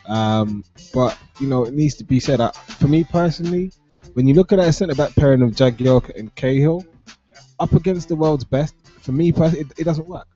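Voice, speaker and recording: A man with a mellow, dark voice gives his football view, hesitant and measured, with fillers between points. The sound is dull and lo-fi. Faint music plays behind him. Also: a little high. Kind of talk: live football talk.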